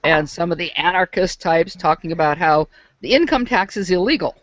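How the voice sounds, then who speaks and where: Lively American woman in a video chat. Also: on the low side, moderate pace, no room sound. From United States. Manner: talks things through and second-guesses her facts. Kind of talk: casual group video chat. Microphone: video call. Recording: dry, dull online call audio.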